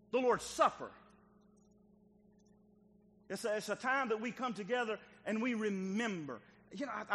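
A male pastor preaches a sermon with a high, lively voice that leaps up and down the scale. He acts out the dialogue of biblical figures, moving between loud calls and quiet, tender passages. The voice rings with the long reverb of a church hall. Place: church sanctuary.

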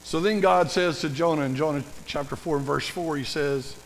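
An older man preaching a sermon as a pastor, folksy and humorous, with animated storytelling. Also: a little high, normal speed, long reverb tail, slight background noise, low-quality recording.

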